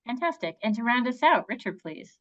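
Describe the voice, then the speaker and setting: A woman's voice: a little high, big pitch swings, fairly quick, muffled recording. A woman moderating a panel webinar, chatty and upbeat with many fillers.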